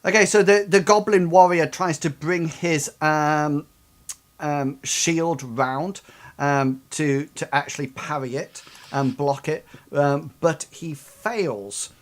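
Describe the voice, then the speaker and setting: A man's voice: fairly high pitch, steady tone, slow pace. A man running a tabletop game as game master, narrating combat with many hesitations.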